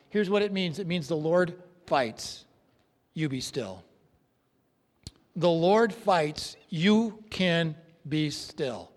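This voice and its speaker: A man preaching a sermon, earnest and emphatic, dropping to a hush for effect. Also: high voice. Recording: long reverb of a large hall.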